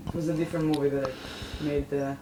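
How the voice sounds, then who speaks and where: Man, podcast co-host, fairly high voice, scattered and playful, casual chat, echoey room, faint background noise. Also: little pitch movement, a little fast.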